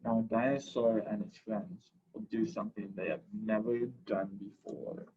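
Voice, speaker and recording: A man reading picture books aloud at a library story time, slow and unhurried, adding short comments of his own. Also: fairly low pitch, fairly even intonation, dark tone, husky, dull audio.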